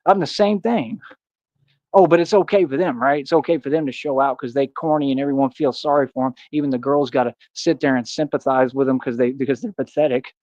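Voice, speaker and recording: A man's voice: mid-range voice, steady tone, fairly quick, darkish tone, no room sound. A man ranting defiantly in a boastful monologue, full of street slang and taunts aimed at his critics. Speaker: streamer. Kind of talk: confrontational monologue. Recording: dull dry sound.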